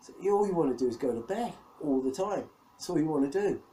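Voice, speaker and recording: A man's voice: on the high side, animated, fast talker, dark tone, low-quality recording. A middle-aged man from England, rambling and self-mocking in a casual video diary, laughing often. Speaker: vlogger.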